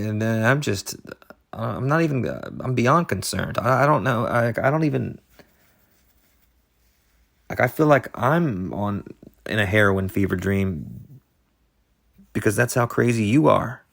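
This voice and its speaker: A man co-hosting an improvised comedy podcast, rambling in halting, absurd deadpan. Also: on the low side, gravelly. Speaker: podcast co-host.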